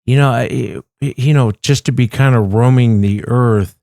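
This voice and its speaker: A male radio host asking a gentle, sincere question. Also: mid-range voice, a little slow, gravelly, no echo, studio quality. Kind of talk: radio interview.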